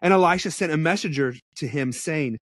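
Male Bible teacher, casual preaching, blunt and animated, slightly high voice, dry close recording. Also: brisk, dry recording. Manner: conversational, animated, with blunt asides.

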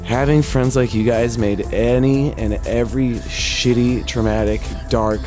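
A man hosting a podcast who gives a halting, choked-up farewell to his listeners, swearing often. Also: mid-range voice, steady tone. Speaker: podcast host. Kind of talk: emotional farewell message to listeners. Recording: music playing clearly underneath.

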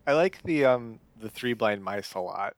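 A man's voice: fairly low pitch, animated, normal speed, no echo. A man chatting casually about a film, hesitant and often restarting his sentences. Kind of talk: casual chat.

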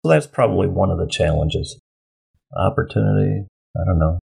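A male college instructor chatting casually about the course he co-teaches, repeating words and adding quick asides. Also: sits low, vocal fry, mellow, husky, faint music behind. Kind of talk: casual conversation.

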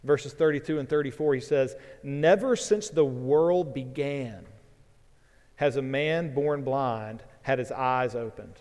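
A man's voice: mid-range voice, unhurried, a little mellow. A man preaching a sermon as pastor, earnest and building in force as he reads scripture aloud. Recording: long reverb from a large hall.

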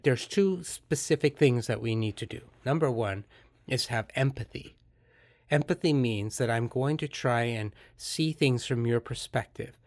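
Middle-aged male podcast host, ordinary pitch, earnest and reflective. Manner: earnest, explains calmly, acts out quoted dialogue. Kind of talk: reflective solo podcast talk.

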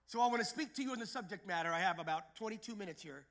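A male pastor preaching a sermon, building to shouted, rhythmic repetition. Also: high-pitched, very animated, a little fast, gravelly, hardly any pauses.

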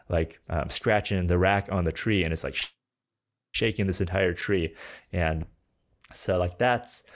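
A young man with a fairly low voice tells stories from the trail as a podcast guest. He talks casually and animatedly, and he fills his sentences with "like". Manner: animated, heavy use of filler "like". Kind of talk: casual storytelling.

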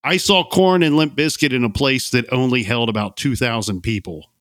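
A man's voice: medium pitch, normal speed, a bit bright, no room sound, clean studio sound. A man hosting a casual podcast chat, telling long meandering stories with plenty of fillers. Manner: rambling, meandering storyteller with frequent fillers. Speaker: podcast host.

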